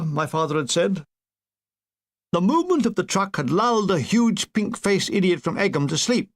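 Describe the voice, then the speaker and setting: A man reading a comic war memoir aloud, with a deadpan, playful delivery of puns and asides. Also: high voice, moderate pace. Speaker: narrator.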